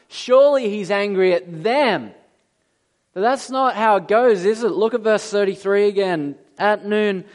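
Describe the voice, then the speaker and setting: A man preaching a sermon, slow and emphatic, rising in pitch and volume for dramatic lines. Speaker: pastor.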